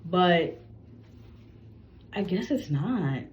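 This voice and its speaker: A woman's voice: fairly low pitch, lively intonation, very slow, dull audio. A woman psychic telling a channeled reading story in a rambling, casual way, often restarting her sentences. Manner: rambling, frequent restarts and self-corrections. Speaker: psychic reader.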